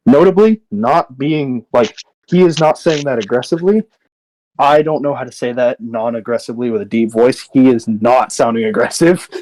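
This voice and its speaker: A man's voice: mid-range voice, moderate pace, darkish tone, poor audio. A man playing a tabletop game, talking hesitantly and swearing when things go wrong. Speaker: player. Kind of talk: tabletop role-play chat.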